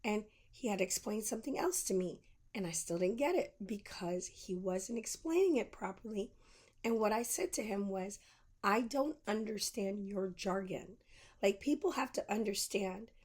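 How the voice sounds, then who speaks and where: A woman's voice: mid-range voice, expressive, moderate pace, a little mellow, breathy edge. A woman podcast host telling a personal story in a candid monologue, acting out both sides of the conversations she recounts.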